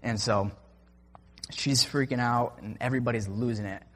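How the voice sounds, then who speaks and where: Young guy recounting a wild night, loose and rambling, medium pitch, in a reverberant space. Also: steady tone, normal speed, a bit bright. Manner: rambling, full of "like" and "I'm like" quotes. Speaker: storyteller. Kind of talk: personal story told casually. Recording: long reverb.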